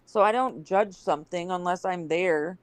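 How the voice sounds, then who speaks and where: A woman chatting casually as a panel guest on a voice call, animated when retelling things and hedging often. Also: lowish voice, normal speed, poor audio. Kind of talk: casual chat.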